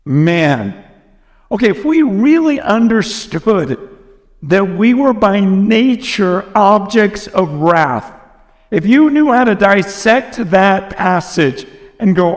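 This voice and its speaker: An American man preaching a sermon, earnest and emphatic, often repeating phrases, recorded in a large church hall. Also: high-pitched. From United States. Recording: long reverb from a large hall.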